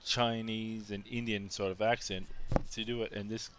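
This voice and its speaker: A man's voice: fairly low pitch, level tone, normal speed, a bit bright, slight background noise. A man with an Australian accent telling a blunt, exasperated vlog rant full of restarts. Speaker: vlogger. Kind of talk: casual storytelling rant.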